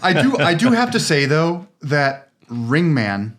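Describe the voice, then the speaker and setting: A man co-hosting a podcast in casual banter, animated and swearing freely, sometimes reading aloud from a book. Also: a little high, slow pace. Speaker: podcast co-host.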